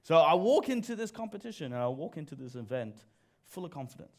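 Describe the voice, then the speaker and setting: Man preaching with an animated, joking delivery. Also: a little high, fast. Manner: animated storyteller, jokes at own expense, addresses audience. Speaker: church speaker. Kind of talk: sermon with personal story. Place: church service.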